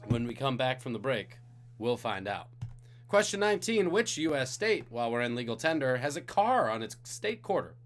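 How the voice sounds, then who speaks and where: A man's voice: medium pitch, sing-song, moderate pace. A tired man hosting a live-streamed trivia game, reading out questions and joking with the chat between them. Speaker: trivia host.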